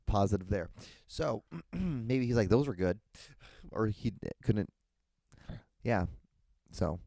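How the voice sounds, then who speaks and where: A man's voice: on the low side, lively intonation, slow, gravelly, warm tone, no echo. A young man hosting a solo podcast, rambling with frequent restarts and casual swearing. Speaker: podcast host.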